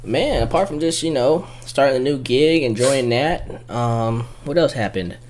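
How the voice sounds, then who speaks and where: A man casually telling a night-out story, animated and playful, and he mimics other people's voices as he goes. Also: measured pace, a little hiss or hum. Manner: animated storyteller, acts out high squeaky voices for the women he quotes.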